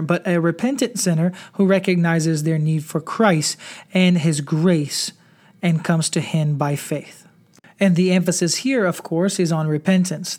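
A preacher hosting a devotional podcast, teaching in a measured way and reading scripture passages aloud. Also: medium pitch, a little mellow.

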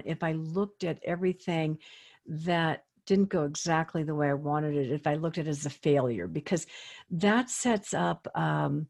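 An older woman, a fitness expert, speaking as a guest in an interview in a lively, earnest, motivational way. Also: deep voice, moderate pace, gravelly. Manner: lively, acts out quoted inner voices. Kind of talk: conversational interview.

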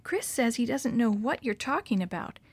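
A woman reading a storybook aloud, voicing a gentle, concerned young girl who speaks softly. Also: on the high side, expressive, normal speed, slightly rough, no room sound, studio quality. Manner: soft-spoken.

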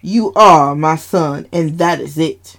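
A woman's voice: sits low, takes it slowly, heavily acted. A woman voicing a stern, angry father who speaks firmly and protectively. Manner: firm, commanding.

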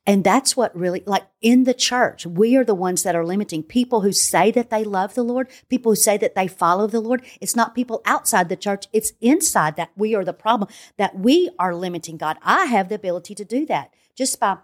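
A woman's voice: mid-range voice, brisk, hardly any pauses. An older woman, a grandmother, teaching as a guest on a devotional podcast, earnest and emphatic, repeating phrases in long lists.

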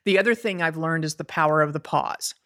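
A woman speaking in a relaxed, jokey way as an interview guest. Her voice sits a little low, and she laughs easily as she talks. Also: brisk. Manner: easygoing, laughs often, jokey. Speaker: guest, semiconductor negotiator. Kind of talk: casual interview chat.

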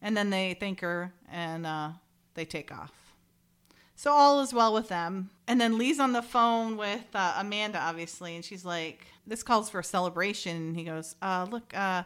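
Lady podcaster reading out a tv script, cracking jokes in between, middle pitch. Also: normal speed, smooth. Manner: animated, reads quotes then jokes and laughs between them. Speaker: podcast host. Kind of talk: casual chat, reading a TV script aloud.

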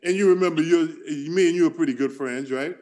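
A middle-aged man co-hosting a podcast, telling a story in a casual, animated way, laughing and acting out voices as he goes. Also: on the high side, a little fast. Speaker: podcast co-host.

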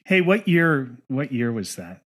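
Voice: medium pitch, sing-song, a little slow, husky. A podcast host asking brief follow-up questions in a casual interview, an eager listener.

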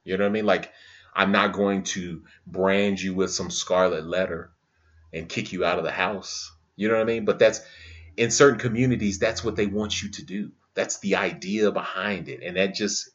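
Male podcast host with a deep voice, speaking fervently and conversationally over a dull recording. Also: fairly even intonation, moderate pace, a bit bright. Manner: impassioned, talks in bursts, says "you know what I mean" often. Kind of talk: casual podcast chat.

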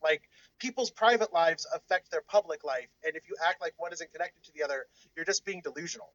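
A man's voice: a little high, a little fast, fairly bright tone, dry recording, muffled recording. A man co-hosting a podcast in a casual discussion, explaining his points at length in a lecturing way. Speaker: podcast co-host.

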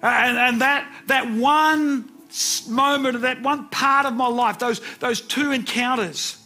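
A man's voice: very high-pitched, steady tone, slow, bright, forceful tone, soft background music. A man in his sixties preaching a sermon, telling personal stories earnestly and repeating words for emphasis. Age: 60s.

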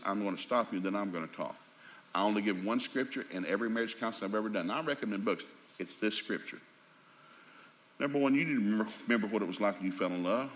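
A middle-aged preacher man tells folksy, joking stories at a brisk clip. His voice is bright and sharp and sits a little low. The sermon stays animated throughout. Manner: folksy, animated, jokey storytelling. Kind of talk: sermon with storytelling.

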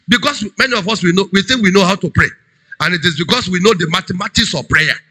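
A man preaching a sermon as a pastor, emphatic, swinging between loud cries and low urgent tones. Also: fast talker, husky, rough recording.

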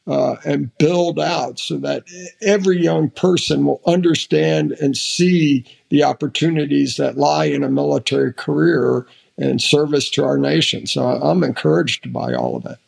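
An older American man, a retired admiral, telling stories in an interview, halting with restarts and lively when quoting others. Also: a little high, vocal fry. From United States. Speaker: podcast guest, retired admiral. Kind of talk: casual interview storytelling.

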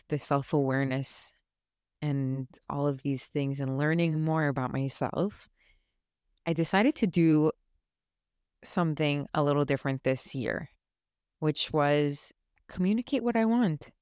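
A woman's voice: low-pitched, a little mellow, clean tone, no room sound, studio quality. A young woman hosting a podcast, talking casually and from the heart, rambling with lots of "like" and restarts. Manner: rambling, heartfelt, many fillers. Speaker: podcast host. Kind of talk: casual solo chat.

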